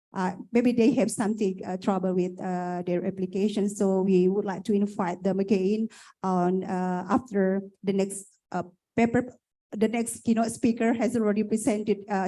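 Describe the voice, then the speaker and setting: A woman's voice: mid-range voice, warm tone, rough recording. A woman, moderating an academic conference in a polite, formal way with many fillers. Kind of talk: hosting an online academic conference.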